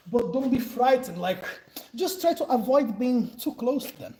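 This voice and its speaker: A man's voice: very high voice, expressive, normal speed, mellow, slight background noise, rough recording. A man in his forties from Brazil with a Brazilian Portuguese accent, speaking English as a second language, chatting loosely about self-defense and laughing often. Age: 40s. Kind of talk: casual live Q&A and instruction.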